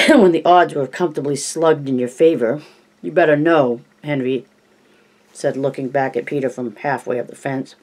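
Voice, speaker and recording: An amateur reader narrating a novel aloud at a middling pitch. The reading is unpolished, with stray coughs and restarted words. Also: normal speed, breathy edge. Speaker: audiobook reader.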